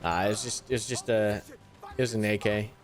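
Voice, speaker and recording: A young man giving live commentary on a tactical shooter, animated and easily exasperated, groaning and swearing at setbacks. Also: lowish voice, fairly quick, faint music behind. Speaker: gaming YouTuber.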